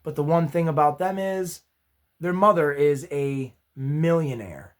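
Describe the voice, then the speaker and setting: Male vlog host, a touch high-pitched, hoarse from losing his voice, friendly rambling review style. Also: unhurried. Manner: chatty and upbeat, self-deprecating asides. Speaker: movie review channel host. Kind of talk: casual spoken movie review.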